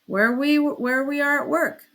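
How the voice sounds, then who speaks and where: A woman's voice: high-pitched, a little slow, fairly bright tone, voice pushed up. A woman voicing an uneasy, wary older male workman who raises his voice.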